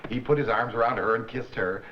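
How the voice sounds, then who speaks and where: A man's voice: medium pitch, a little fast, close to an everyday voice. A man acting out a flustered household aide who recounts a commotion with exasperation. The sound is a dull, lo-fi old TV film with a faint hiss. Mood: exasperated. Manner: storytelling, exasperated. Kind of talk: 1970s sitcom acting.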